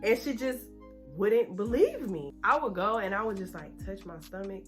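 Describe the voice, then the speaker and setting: Woman in her twenties, casual storytime while doing makeup, lively and talkative, soft music playing. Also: mid-range voice. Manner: animated, chatty storytelling; talks fast when nervous. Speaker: beauty vlogger.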